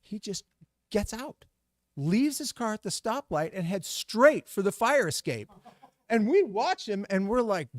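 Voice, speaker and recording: A man's voice: high-pitched, very animated, measured pace, dry recording. A middle-aged man telling a story to a live audience, acting out the voices and sound effects.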